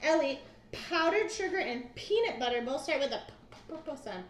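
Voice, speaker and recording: Mom teaching her kid to cook at home; high, patient voice, roomy kitchen sound. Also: big pitch swings, a little fast. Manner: patient, coaxing, asks simple questions. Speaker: cooking class teacher with her child. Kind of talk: home cooking demo video. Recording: echoey room, faint noise.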